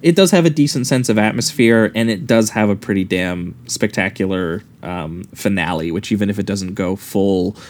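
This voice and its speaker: A man's voice: on the low side, normal speed, few pauses. A man co-hosting a film podcast, talking casually and rambling with many fillers and restarts. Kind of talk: casual film review chat.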